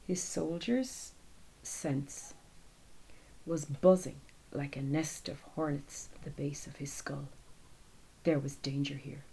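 A woman narrating an audiobook, reading a novel aloud in a steady, measured way. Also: sits low, husky, rough recording.

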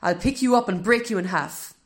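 A woman voicing a ten-year-old boy who whispers hoarsely, stammers and threatens nervously. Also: mid-range voice, a little fast, a little hiss or hum, voice pushed up, lightly acted. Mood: nervous threats.

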